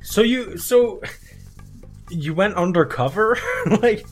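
A woman's voice: mid-range voice, expressive, slow, faint music behind. A woman hosting a podcast in casual chat, blunt and teasing, swearing freely. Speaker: podcast host.

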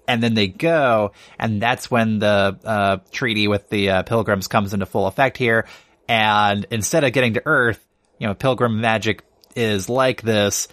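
A man's voice: on the low side, fairly even intonation, unhurried, a bit bright, dry recording. Man rambling through story ideas. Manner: rambling brainstorming with many fillers. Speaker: podcast co-host. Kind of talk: casual chat.

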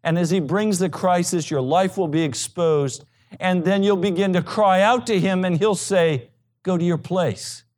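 Guy preaching a sermon, kinda high voice, goes loud then drops real low and quiet. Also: normal speed. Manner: emphatic preaching, swinging between loud high peaks and low quiet asides. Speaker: pastor.

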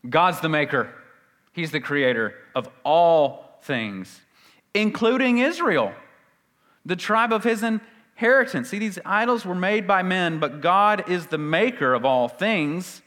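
A male pastor preaching a sermon, swinging between loud emphatic peaks and hushed, low phrases. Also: expressive, measured pace. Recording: long hall reverb.

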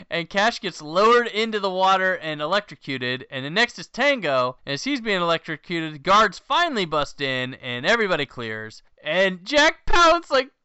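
A man with a bright, very clear voice recaps a movie on a podcast, his pitch jumping around animatedly. The sound is dry and a bit dull, like a lo-fi home podcast recording. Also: no room sound. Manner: lively, quick recapping with laughs. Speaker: podcast co-host.

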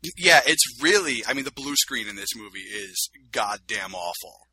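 A man's voice: on the low side, animated, moderate pace, pushed and bright, slightly rough. A man co-hosting a casual film review chat, talking in a rambling, self-deprecating way. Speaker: podcast co-host.

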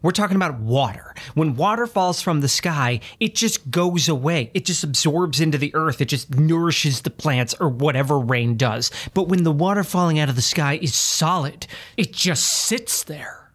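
A man's voice: fairly high pitch, lively intonation, normal speed, few pauses, a bit bright. A man from Chicago hosting a comedy podcast, ranting in an exasperated, emphatic way about small annoyances. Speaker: podcast host. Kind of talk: comedic rant.

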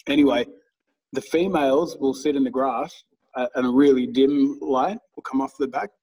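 A man's voice: medium pitch, a little slow, vocal fry, darkish tone, husky, distant mic, poor audio. A man telling rambling stories in casual chat, swearing freely and laughing at his own tales.

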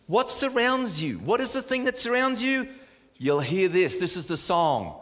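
A man delivers a sermon in a somewhat high voice that carries a long reverb tail through a large hall. He swings between emphatic, raised preaching and soft, hushed lines close to a whisper. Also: very animated, normal speed. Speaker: pastor.

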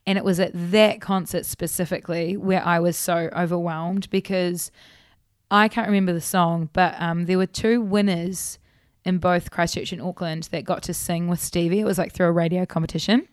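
NZ woman, 30s, singer guest; bubbly storyteller, lots of fillers, smooth tone, close dry mic. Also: fairly low pitch, normal speed, no room sound. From New Zealand. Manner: chatty and animated, laughs often, many fillers. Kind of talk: casual interview chat.

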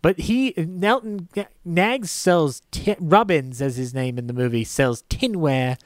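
A man co-hosting a casual film podcast, joking, laughing often and slipping into quick silly character voices. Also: a little high, no echo, clean studio sound. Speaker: podcast co-host.

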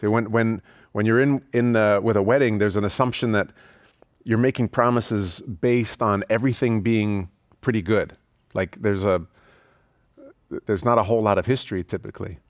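A man's voice: fairly low pitch, steady tone, moderate pace, no room sound, studio quality. A man preaching a sermon as pastor, telling a story casually with frequent fillers and restarts.

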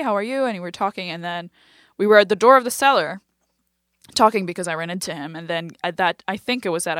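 Young female comedian from Lebanon, animated storyteller, dry close-miked read. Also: on the low side, dry recording. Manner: animated storytelling, acts out quoted voices. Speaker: comedian guest. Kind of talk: casual chat.

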